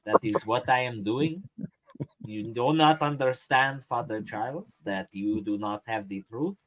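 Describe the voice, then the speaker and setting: A pompous debater in stiff, formal English, as a man puts him on. He drops his articles and accuses people flatly, sitting in the middle of a man's pitch range. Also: slow. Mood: mocking accusation.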